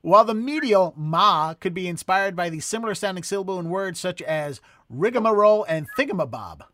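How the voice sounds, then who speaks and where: High-voiced Boston host, stumbling. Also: male voice, lively intonation, a little fast, pushed and bright, no room sound. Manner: rambling, stumbles over words. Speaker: podcast host. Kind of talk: hosting a casual comedy podcast.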